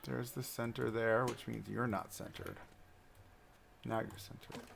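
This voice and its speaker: Man, gravelly voice, mid pitch, rambling livestream game commentary, faint music underneath. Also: fairly even intonation, a little slow, slight background noise. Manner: rambling, talks to himself and objects in the game. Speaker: livestream host building a theme park. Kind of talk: casual gameplay commentary.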